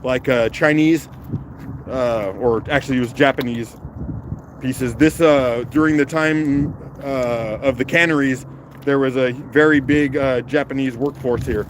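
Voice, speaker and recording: Holding his phone in one hand, a man hosts a casual live stream from a rocky shoreline, chatting, greeting viewers by name and laughing easily. His medium-pitched voice is a little rough from the morning. There's background noise and faint waterside ambience.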